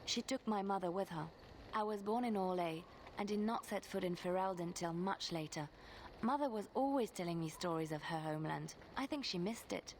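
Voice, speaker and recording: A woman voicing a gentle young female bard who softly recalls her childhood in a video game. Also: fairly low pitch, a little fast, slight background noise, natural voice, low-quality recording. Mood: wistful. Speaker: game character.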